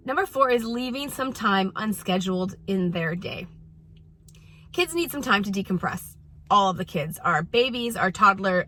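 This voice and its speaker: A middle-aged woman coaching parents in a relaxed talk to camera. Her voice is bright and forceful, and she stresses and repeats her main points earnestly. The sound is dry and close. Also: medium pitch, no echo. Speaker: parenting coach and show host. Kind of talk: casual advice talk to camera. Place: at a youth sports practice.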